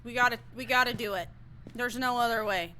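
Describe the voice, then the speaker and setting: Young woman, game streamer, chatty, high-ish voice, faint hiss behind. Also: a little fast, bright, forceful tone. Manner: chatty, shrieks and laughs at mishaps. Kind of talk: casual live-stream chat while gaming.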